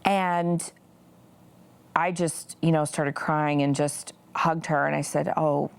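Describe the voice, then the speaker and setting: A woman's voice: low-pitched, fairly even intonation, slow, gravelly, clear, resonant tone. A woman in her forties telling a personal story as an interview guest, earnest and full of "you know" fillers. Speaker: guest, pro-life activist.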